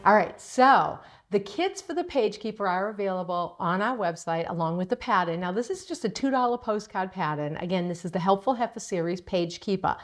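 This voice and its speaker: A woman's voice: medium pitch, lively intonation, brisk, hardly any pauses, soft background music. Upbeat woman teaching a sewing project. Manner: upbeat, chatty, step-by-step explaining. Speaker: quilting shop host and sewing instructor. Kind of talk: casual sewing tutorial.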